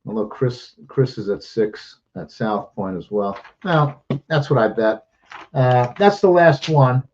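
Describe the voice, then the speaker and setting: A man runs through sports betting lines in fast, loose, profane chat, a little out of breath. His voice sits at an ordinary middle pitch. The recording is dull and lo-fi. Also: lively intonation, a little mellow. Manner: rapid-fire, profane, jokey. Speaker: sports betting show host. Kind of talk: casual betting picks chat.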